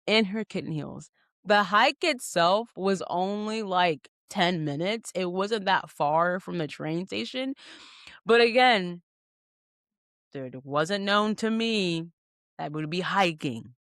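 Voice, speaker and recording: A young woman hosting a podcast, telling a story in casual chat, animated and full of fillers, acting out what people said. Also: on the low side, slow pace, dry recording, studio quality. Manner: animated, many "like" fillers, acts out quotes. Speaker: podcast host.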